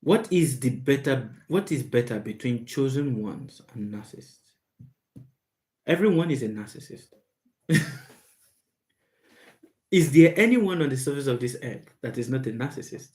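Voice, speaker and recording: A man's voice: mid-range voice, lively intonation, darkish tone. Emphatic man hosting a live Q&A. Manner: slow, emphatic and repetitive, stressing words. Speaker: live stream host. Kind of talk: live Q&A monologue.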